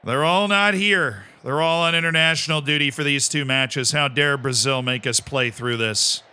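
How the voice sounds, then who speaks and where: A man streaming a game live, talking casually into his desk mic. His voice sits a little high, with a smooth, crisp tone. He reads chat aloud and now and then bursts into excited shouts. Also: moderate pace. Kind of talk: casual live-stream commentary while playing.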